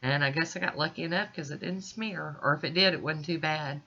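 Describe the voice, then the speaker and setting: A woman's voice: sits low, fairly quick, pushed and bright, muffled recording. A woman with stuffy, congested sinuses, chatting reassuringly to viewers as she walks through a nail art tutorial at home. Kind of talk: casual step-by-step tutorial narration.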